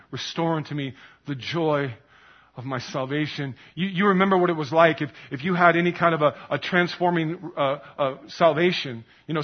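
A man delivers an earnest sermon in a fairly high, husky voice. He repeats phrases for weight and drops soft on key words. The recording is dull and lo-fi, as if captured in a church. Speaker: pastor.

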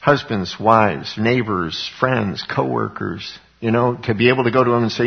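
Husky-voiced man preaching a sermon. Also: medium pitch, normal speed, few pauses, highs cut off. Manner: earnest preaching, rising emphasis on key words. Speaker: pastor.

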